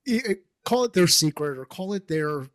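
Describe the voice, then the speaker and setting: A man hosting a relaxed interview, his voice a touch higher than usual for a man. He talks with blunt enthusiasm and swears freely, recorded close with a dry, dead sound. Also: fairly quick, dry recording. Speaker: interview host. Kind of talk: casual conversational interview.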